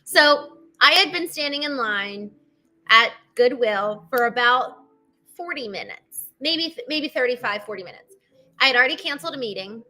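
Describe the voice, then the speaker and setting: Hosting a solo talk show, a woman with a slightly high, bright, forceful voice speaks at normal speed with lively intonation. Earnest and conversational, she often restarts and addresses her listeners directly in asides.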